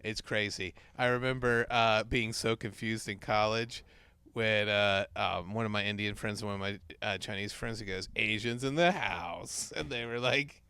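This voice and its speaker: A man co-hosting a casual comedy podcast, animated and quick to laugh. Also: on the low side, smooth, dry recording. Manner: animated, breaks into shouted sung bits and laughter. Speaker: podcast co-host.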